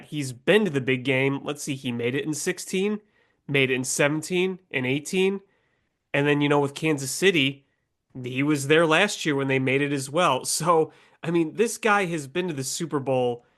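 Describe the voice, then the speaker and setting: Nasal congested guy w a cold, bit high voice, rambling sports stats. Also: normal speed, a bit bright. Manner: rambling stats-heavy analysis. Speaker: podcast co-host. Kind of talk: casual sports talk.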